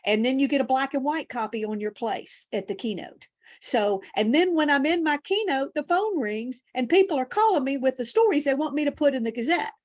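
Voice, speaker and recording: A keynote speaker, appearing as a guest, relates her personal story in a conversational interview. Her voice sits high and moves fairly quickly, animated throughout and at times emotional.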